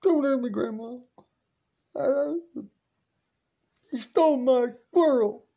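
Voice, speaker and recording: A man's voice: a little high, lively intonation, slow pace, darkish tone, muffled recording, voice pushed up. A man voicing a frightened young boy, whiny and pleading.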